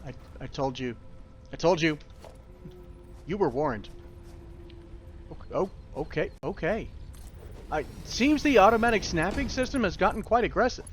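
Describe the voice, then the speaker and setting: A man's voice: sits high, expressive, normal speed, pauses often, soft background music. Chatty man rambling over gameplay. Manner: rambling, self-deprecating, chatty asides. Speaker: gaming YouTuber. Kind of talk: casual let's-play tutorial commentary.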